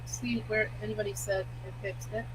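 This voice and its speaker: A woman's voice: mid-range voice, level tone, moderate pace. A woman co-hosting a live stream from a remote line, throwing in dry teasing remarks. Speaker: co-host. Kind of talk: casual live-stream chat. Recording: noisy line with a hum.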